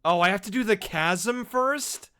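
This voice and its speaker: A man's voice: high voice, measured pace, bright, forceful tone, clear, resonant tone. A man streaming a video game who jokes with his chat, thinks aloud, and mimics the characters. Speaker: streamer and voice actor. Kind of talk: casual game-stream chatter. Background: faint game music.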